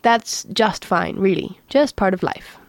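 A woman voicing a calm, clever young female pilot with a bright, patient lilt. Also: mid-range voice, brisk, natural voice. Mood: soothing.

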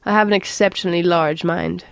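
A depressed male robot drones on in a slow, hopeless monotone, as a woman reading aloud puts him on. The sound is close and dry, with no room around it. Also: fairly low pitch, creaky, dry recording. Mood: gloomy.

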